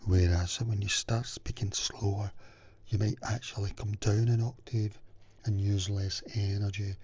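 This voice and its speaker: A man's voice: on the low side, mellow, slightly rough. A man from the UK giving casual, rambling self-help advice with many fillers and restarts, sometimes dropping into a whisper. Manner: drops into whispers now and then. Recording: dull lo-fi recording.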